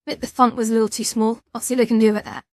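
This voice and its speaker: Brief: sleepy woman streamer, higher-pitched, rambling chat, dry close sound. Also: little pitch movement, very fast, a little mellow, no room sound. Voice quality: rambling, chatty, with frequent restarts and fillers. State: tired, yawning. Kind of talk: casual chat.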